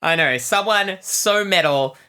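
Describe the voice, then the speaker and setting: A woman co-hosting a comic podcast, her voice sitting low yet bright and forward. She talks in animated, joking bursts with quick asides. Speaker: podcast co-host. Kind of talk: casual comic chat.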